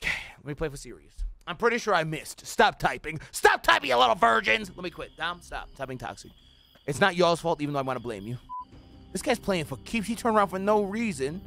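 A young man streaming a video game, giving profane running commentary that swings between low muttering and sudden yelling. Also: lively intonation, fast talker. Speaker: gaming streamer. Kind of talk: live gameplay commentary.

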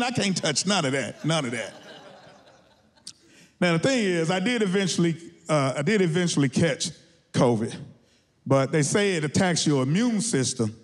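A man from Texas doing a stand-up comedy set on stage, telling stories with animated shouted punchlines. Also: high voice, slight background noise. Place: studio stage with a live audience.

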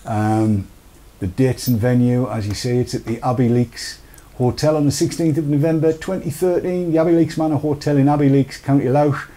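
A middle-aged man from Britain hosts a casual live stream. His voice is mellow and warm, sitting at an ordinary pitch, and he rambles in a jokey, friendly way, trailing off and picking up again. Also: steady tone, normal speed. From United Kingdom. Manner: chatty, jokey, reads viewer comments aloud. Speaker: show host.

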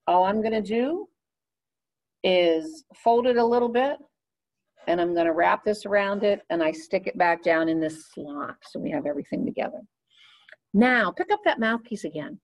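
A woman's voice: mid-range voice, darkish tone. A woman giving a clarinet lesson, explaining each step patiently while she demonstrates. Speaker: clarinet teacher.

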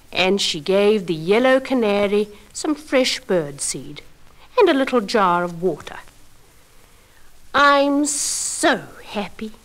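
A woman narrating a children's story record in a slow, sing-song, repetitive reading style. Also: on the high side, poor audio.

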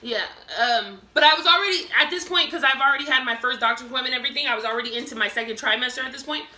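Animated high-voiced woman telling a story. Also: rapid-fire. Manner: animated, laughing, acts out quoted people loudly. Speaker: vlogger. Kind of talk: casual storytelling. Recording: echoey room, mic at a distance.

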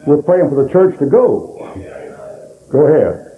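An older man preaching in a folksy, animated sermon-teaching style at a conference, laughing as he goes. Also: a little high, unhurried. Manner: animated, laughing, mimics voices in quotes. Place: conference hall. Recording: tinny phone-like old tape.

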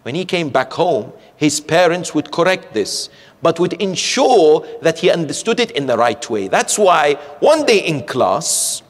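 Male sheikh, religious lecture, animated, rhetorical questions, slightly high pitch, long hall echo. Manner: animated, rhetorical, checks in with "yes?". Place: community centre hall. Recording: echoey hall.

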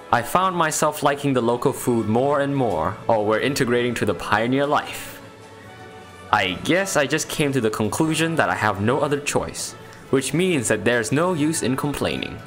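A man reads a visual novel aloud for a playthrough, narrating in a playful mock Russian accent. His voice moves lively up and down, and he breaks off for wry jokes, with faint music behind. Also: mid-range voice. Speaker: let's play host.

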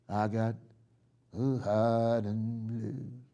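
A man preaching a live church sermon, swinging from loud shouts down to hushed murmurs and leading the congregation in call-and-response chants. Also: sits high, animated, measured pace. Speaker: pastor. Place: church sanctuary.

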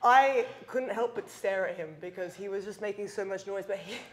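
A woman guiding a workout, relaxed and often laughing in casual gym banter. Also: medium pitch, normal speed. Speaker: guest trainer.

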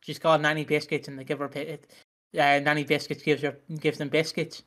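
A man with a high voice telling rambling stories in a loose podcast chat. He is full of fillers and restarts and breaks into giggles often. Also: level tone, fairly quick, a bit bright. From Britain. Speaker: podcast co-host. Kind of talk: casual chat.

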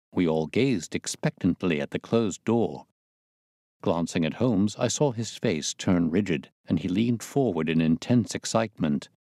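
A man narrating a classic detective story in a measured, even reading manner. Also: deep voice, dry recording, studio quality. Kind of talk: audiobook narration.

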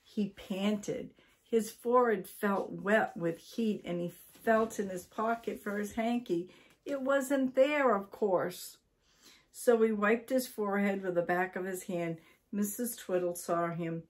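An older woman from Maine reading a children's story aloud in a slow, deliberate way. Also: medium pitch.

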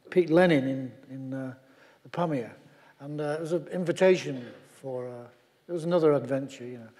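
An older man from England, telling a halting, chuckling anecdote on stage at a memorial event. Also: mid-range voice, mellow. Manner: chuckling, halting, full of fillers. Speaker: mountaineer speaker at memorial event. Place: large lecture hall. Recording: hall with long reverb.

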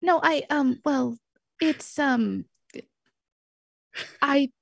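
A woman's voice: on the high side, warm tone, slightly rough, no echo, clean studio sound. Woman doing a shy, stammering young heroine. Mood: flustered. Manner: halting, stammering whisper.

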